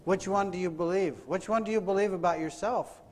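Guy preaching in a church, lots of questions and amens, high-ish voice, echoey hall. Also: a little fast, slight background noise. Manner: rhetorical questions, calls for amen. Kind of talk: sermon. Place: church sanctuary. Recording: hall reverb.

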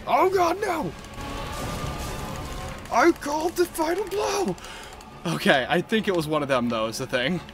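A man giving casual gameplay commentary in an excitable, exclamatory way, swearing freely. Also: on the high side. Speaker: video game let's-player.

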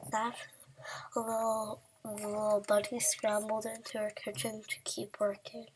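A woman's voice: medium pitch, completely flat delivery, measured pace, slight background noise, rough recording. A woman improvising a children's story, often dropping to a whisper and stumbling over her words.

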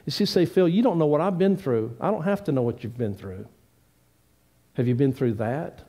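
A man's voice: a little high, lively intonation, normal speed. Earnest male pastor preaching. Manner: earnest preaching with rising emphatic pleas and quieter asides. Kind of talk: sermon. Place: church sanctuary.

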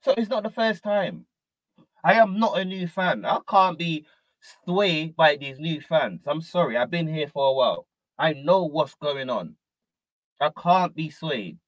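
A man's voice: fairly high pitch, unhurried, no room sound, poor audio. A man hosting a reaction show, commenting animatedly and calling out names in repeated bursts. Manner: animated, repetitive, calls out names. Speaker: host.

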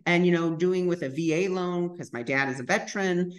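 A man's voice: sits high, a little fast. A young adult man telling a story on his spiritual vlog in a chatty way, full of fillers and acted-out dialogue. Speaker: spiritual vlogger.

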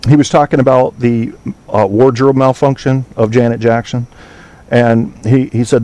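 Mellow-voiced man rambling casually. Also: medium pitch, steady tone, moderate pace. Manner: rambling, swears freely, trails off searching for names. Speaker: podcast host. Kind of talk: casual chat with listeners.

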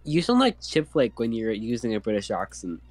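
A man's voice: mid-range voice, wildly swooping pitch, fairly quick, a little mellow, no echo, soft background music. A man chatting on a voice call with friends, dropping dry, teasing remarks. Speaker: player on the call. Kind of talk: casual chat.

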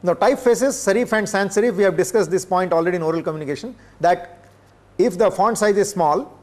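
An older man from India, giving a classroom lecture in a measured way, pausing often with filler sounds. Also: high-pitched, a little mellow. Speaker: professor. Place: lecture room.

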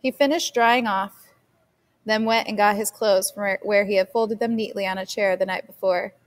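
A woman teacher reading a novel chapter aloud for her class in a steady storytelling manner. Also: medium pitch, moderate pace. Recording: long reverb.

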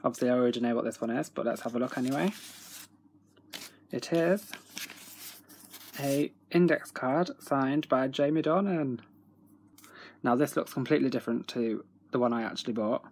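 Excitable, foul-mouthed young man. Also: medium pitch, normal speed, pauses often, slight background noise. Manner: excitable, swears freely. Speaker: autograph collector vlogger. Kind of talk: casual video diary.

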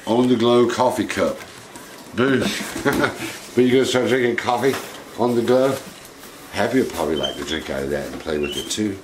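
A man's voice: lowish voice, moderate pace. A man hosting a pet vlog, chatting playfully and coaxingly with his pet while opening mail at home. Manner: playful, coaxing, chuckles often. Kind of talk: casual chat with a pet while unboxing. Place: home living room. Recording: noisy home video.

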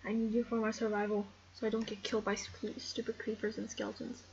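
A woman giving casual, excitable game commentary, rambling and talking to the animals on screen. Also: medium pitch, fast, vocal fry, dull audio, slight background noise. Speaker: gameplay commentator.

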